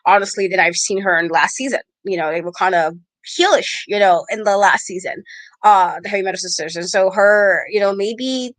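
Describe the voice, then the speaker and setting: A woman's voice: mid-range voice, a little fast, no echo. Rambling woman mulling over a match. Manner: rambling, thinking aloud with fillers. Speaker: podcast co-host. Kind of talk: casual wrestling discussion.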